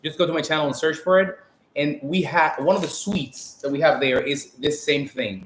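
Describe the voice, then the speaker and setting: A man's voice: a little high, normal speed, a bit bright. A man hosting a casual live stream, tasting sweets and reading viewer comments aloud in a chatty way. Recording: echoey room with faint noise.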